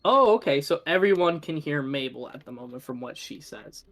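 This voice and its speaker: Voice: medium pitch, expressive, normal speed, a bit bright, soft background music. A game master narrating a tabletop game in a chatty, loose way with many fillers.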